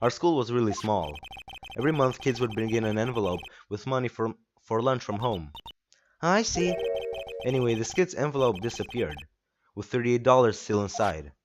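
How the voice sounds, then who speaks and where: A man voicing a young lawyer quietly recounting a childhood memory in a game. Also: mid-range voice, expressive, moderate pace, over music, natural voice. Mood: wistful.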